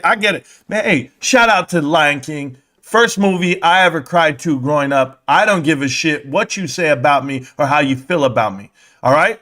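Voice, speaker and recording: Profane rambling man with a high voice. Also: animated, moderate pace, pushed and bright. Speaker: live-stream stock commentator. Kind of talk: casual live-stream rant.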